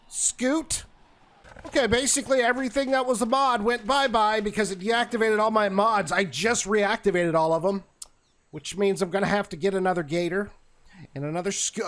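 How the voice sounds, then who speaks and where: A man giving animated, exasperated commentary while he plays a survival game, often talking straight to the game itself. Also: sits high. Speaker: gaming YouTuber.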